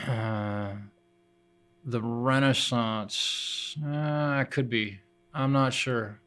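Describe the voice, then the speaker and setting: A man's voice: medium pitch, a bit bright. A man streaming live from his home studio, chatting casually and thinking aloud with many fillers and restarts while troubleshooting his setup.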